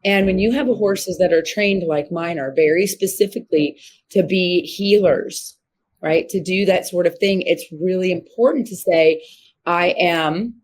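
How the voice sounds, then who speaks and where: Guest, woman, 50s, from Missouri; lowish voice, animated storyteller. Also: slightly rough. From Missouri, USA. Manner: animated, acts out quoted voices with sharp pitch jumps. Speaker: guest, horse trainer. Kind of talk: casual interview storytelling.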